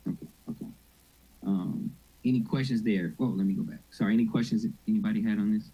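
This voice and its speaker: A husky-voiced middle-aged man teaching a church mental health session. He talks informally and keeps checking whether his listeners are following. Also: fairly low pitch, fast talker, dull audio. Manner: conversational, informal, asks audience questions. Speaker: mental health ministry speaker.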